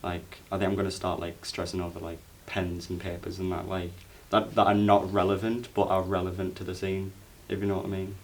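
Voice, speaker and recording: A man drama student talking casually and haltingly, with many fillers and restarts. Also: low voice, monotone. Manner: hesitant, halting, lots of fillers. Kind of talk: casual project discussion.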